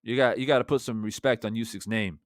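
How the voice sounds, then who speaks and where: A man's voice: lowish voice, fairly even intonation, fast talker, no echo, clean studio sound. A man hosting a live-stream about boxing who reads out viewer chats. He talks in a brash, confident way and speaks straight to his viewers. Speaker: boxing YouTuber. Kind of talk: live-stream commentary reading super chats.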